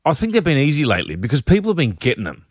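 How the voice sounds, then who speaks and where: A man co-hosting breakfast radio, eager and competitive, pitching ideas. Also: wildly swooping pitch, very fast, dry recording, clean studio sound. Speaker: radio co-host. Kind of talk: playful radio banter.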